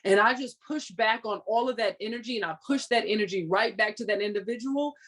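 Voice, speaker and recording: A woman's voice: medium pitch, a little fast, a bit bright. A woman guest on a podcast giving a firm motivational talk, pressing the listener with direct commands. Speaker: podcast guest, business coach.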